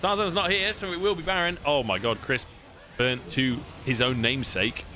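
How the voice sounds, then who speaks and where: A man with a British accent casting a live esports match on a casual co-stream, excitable and swearing freely. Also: medium pitch, normal speed, faint music behind. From United Kingdom. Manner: excitable, swears freely, laughs between plays. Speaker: esports caster.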